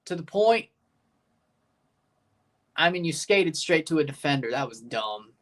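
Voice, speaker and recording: Woman, livestream host, hockey watchalong, unhurried delivery, bursts into shouting on goals. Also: low-pitched. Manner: relaxed play-by-play that erupts into shouting on goals; answers chat questions between plays. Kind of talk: live hockey watchalong commentary.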